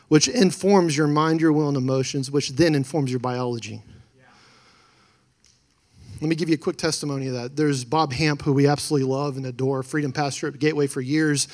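A man's voice: fairly high pitch, steady tone, fairly quick. A man delivering a sermon to his congregation, telling a testimony in a conversational way with quoted dialogue and frequent restarts, rising to emphatic peaks. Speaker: pastor.

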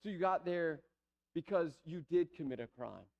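A man with a high-pitched voice preaching a sermon in a church sanctuary. He pleads softly at times and builds to emphatic, repeated phrases. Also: lively intonation, moderate pace, vocal fry, lo-fi sound. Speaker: pastor.

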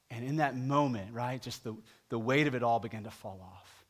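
A man preaching a sermon as a story, talking with the congregation and moving between loud emphasis and a soft hush. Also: fairly low pitch, fast talker, few pauses. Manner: conversational, asks the congregation questions. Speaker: pastor.

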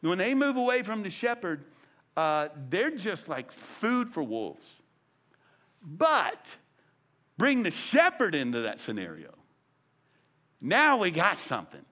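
A man preaching a sermon with a high, lively voice. His delivery is conversational and animated, full of dramatic swings from low murmurs to excited highs. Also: slow, pauses often. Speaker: pastor.

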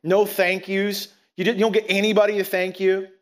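Animated, high-voiced man preaching. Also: fairly quick. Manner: animated, conversational, acts out quotes. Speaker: pastor. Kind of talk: sermon.

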